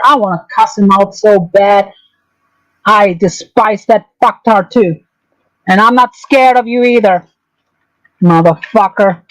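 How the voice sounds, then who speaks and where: A woman rants on her own livestream. Her voice sits a little high, and she talks hotly and profanely. She repeats her jabs over and over to drive them home. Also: a little slow, rough recording. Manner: angry, profane, repetitive ranting. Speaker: streamer. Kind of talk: livestream drama commentary.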